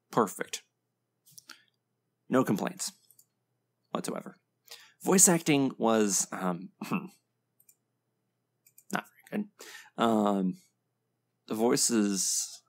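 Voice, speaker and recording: A man's voice: fairly low pitch, creaky, darkish tone. A man hosting a casual reaction video, giving blunt, opinionated commentary full of ums and short laughs. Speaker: video game reaction host.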